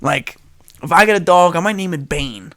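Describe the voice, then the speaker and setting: A man's voice: on the high side, lively intonation, normal speed, a bit bright. A young man with a nasal voice hosting a casual solo podcast, rambling and joking with frequent laughs. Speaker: podcast host.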